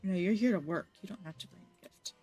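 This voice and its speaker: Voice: mid-range voice, fast, darkish tone, soft background music. A streamer chatting casually and playfully while playing a video game.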